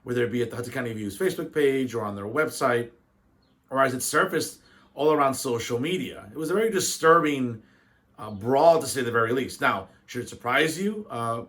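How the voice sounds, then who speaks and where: A man's voice: mid-range voice, expressive, a little fast, fairly bright tone. Emphatic male political talk show host. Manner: emphatic, addresses audience as folks; conversational with frequent fillers. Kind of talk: opinionated political commentary.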